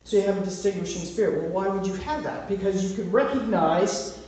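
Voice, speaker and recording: A woman's voice: mid-range voice, a little fast, warm tone. A woman leading an informal Bible study, talking conversationally and checking in with her listeners with a frequent "okay?". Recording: very echoey room, voice far from mic.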